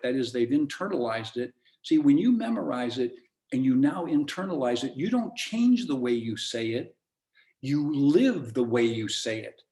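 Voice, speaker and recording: A man's voice: mid-range voice, darkish tone. A man giving a real estate training talk with an emphatic, punchy delivery and repeated phrases.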